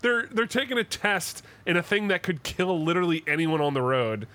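A man's voice: high-pitched, big pitch swings, fairly quick, sharp tone. A man co-hosting a podcast, telling stories in casual chat with heated, profane rants. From Canada. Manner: profane, heated ranting storyteller. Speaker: podcast co-host.

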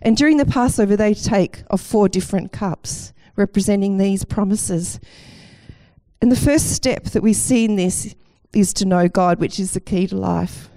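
A woman's voice: medium pitch, normal speed, dark tone. A woman preaching a sermon with enthusiasm and a light self-deprecating humour.

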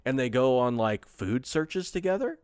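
A man's voice: mid-range voice, animated, normal speed, a little mellow, clean tone, no echo, clean studio sound. A man co-hosting a podcast in a casual, jokey chat, laughing often and rambling through his stories. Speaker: podcast co-host.

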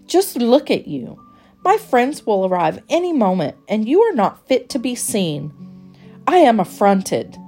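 A woman's voice: fairly high pitch, very animated, a little slow, a little mellow, breathy edge, faint music behind, pitched above the performer's own voice, heavily acted. A woman voicing a fussy, genteel mother cat who scolds her kittens in a storybook reading. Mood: indignant. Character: fussy, prim mother cat, easily affronted.

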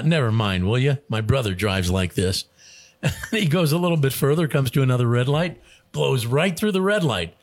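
A man hosting a radio show, telling jokes in a casual, chuckling way. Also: mid-range voice. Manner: animated joke-telling with voices and chuckles. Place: radio studio.

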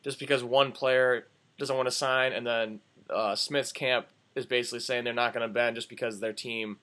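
Young man, bright edgy tone, excitable, swears freely, casual sports podcast chat. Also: mid-range voice, moderate pace. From Wisconsin. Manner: excitable and profane, swings from mumbling to yelling. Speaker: podcast co-host.

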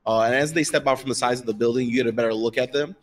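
A man's voice: mid-range voice, steady tone, rapid-fire. A man narrating a tabletop game as game master in a casual, rambling way. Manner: casual, filler-heavy narration.

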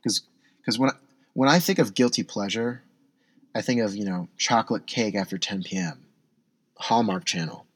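Husky young man rambling to camera. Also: lowish voice, normal speed, long pauses, dry recording. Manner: rambling, self-deprecating, with many restarts. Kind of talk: casual monologue.

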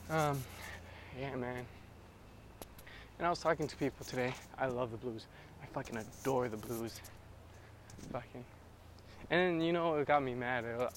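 A man's voice: medium pitch, a little hiss or hum. Profane rambling man talking in a car. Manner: profane, rambling, scats and sings improvised blues. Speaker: podcast host. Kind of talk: casual solo podcast rant.

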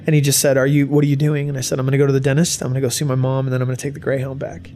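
A young adult man giving a personal testimony to an audience, halting and emotional, with many restarts. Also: mid-range voice, monotone, warm tone. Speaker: guest speaker.

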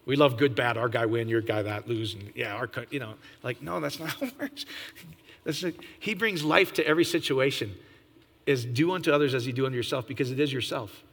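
A man preaching an informal sermon, animated, often jumping to a high, excited pitch and asking his listeners questions. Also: fairly quick, in a large hall. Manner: animated, jumps to high excited pitch, laughs, asks the audience.

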